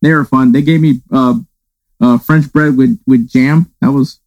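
A man's voice: mid-range voice, fairly even intonation, unhurried, a little mellow, dull audio. Chatty laughing male sports podcaster. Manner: rambling, laughs often, many restarts. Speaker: podcast co-host. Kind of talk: casual sports chat.

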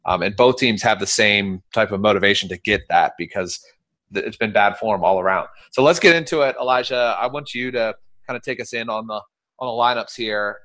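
A man with a fairly low voice hosts a relaxed sports talk show. He gives blunt opinions in a loose, rambling way, full of "um" and "like". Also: fairly quick. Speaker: podcast host. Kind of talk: casual sports chat.

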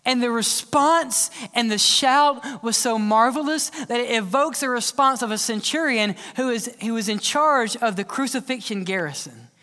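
A male pastor preaching a sermon, swinging between loud cries and hushed whispers. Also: very high-pitched. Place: large church hall. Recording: long church-hall reverb.

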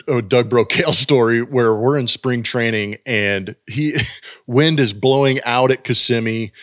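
A man telling ballpark stories in a relaxed chat, voicing the people in them with a laugh. His voice sits at an ordinary pitch. The sound is close and dry, with no room around it. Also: dry recording. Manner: animated, acts out quotes with laughs. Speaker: former baseball player telling stories. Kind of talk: casual storytelling chat.

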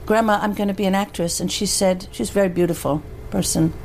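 An older woman from the United States speaks as an interview guest, telling anecdotes with lively shifts into the voices of people she remembers. Her delivery is conversational and expressive. A faint hiss of background noise sits under the recording. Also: medium pitch, fast talker. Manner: animated, anecdotal, acts out quoted voices. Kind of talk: conversational storytelling.

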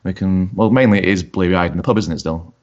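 A man hosting a casual podcast, relaxed and halting, with plenty of ums. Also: deep voice, muffled recording. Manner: relaxed, hesitant with many ums. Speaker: podcast host.

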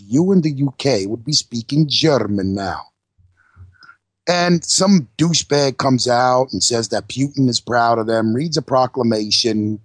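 A podcast co-host with a medium-pitched, husky voice recaps wrestling on an internet radio show, recorded with no echo. His chat is loose, casual, and profane as he narrates the play-by-play.

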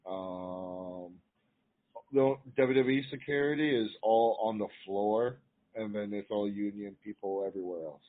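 Low-voiced man on a tinny line. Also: measured pace. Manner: loose, filler-heavy explaining. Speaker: guest. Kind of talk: casual chat.

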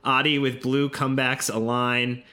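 A man's voice: mid-range voice, little pitch movement, normal speed, pushed and bright. A man co-hosting a casual podcast, reading out listener entries with upbeat asides. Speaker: podcast co-host. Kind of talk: casual chat.

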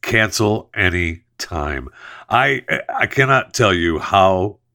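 Male podcast host, low voice, chatty and jokey, casual ad reads and news talk. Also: animated, bright, forceful tone. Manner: chatty, jokey, drawn-out emphasis.

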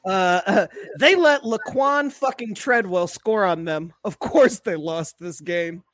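A man co-hosting a podcast, chatting casually about football, animated and profane, laughing often. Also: sits high, slow, no echo. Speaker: podcast co-host. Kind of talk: casual sports chat.

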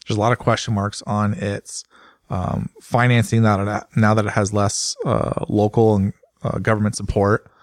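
A man, a motorsport journalist, chatting casually on a podcast and telling rambling, animated stories full of fillers. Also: on the low side, moderate pace, dry recording, clean studio sound.

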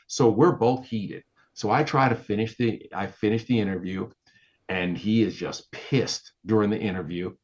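A man telling a story in casual podcast chat, lively and acting out what people said. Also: breathy edge, muffled recording. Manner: animated, acts out quotes with big pitch jumps. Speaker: guest, entertainment reporter.

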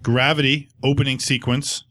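Male co-host, mid voice, quick wry asides while reading nominees. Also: medium pitch, flat delivery, fairly bright tone. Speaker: podcast co-host. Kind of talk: casual chat at a live awards show.

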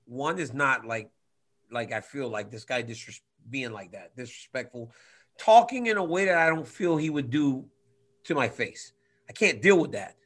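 A man in his twenties telling a story in casual chat, animated, swinging from loud to quiet. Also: medium pitch, moderate pace. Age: 20s. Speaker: guest fighter.

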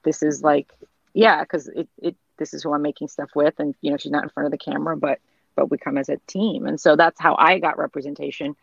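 Gravelly-voiced woman rambling casually. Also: low voice, fairly even intonation, fast, no echo. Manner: rambling, full of fillers and restarts. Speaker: interview guest, TV director and writer. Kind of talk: casual conversational storytelling. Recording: slightly dull, lo-fi sound.

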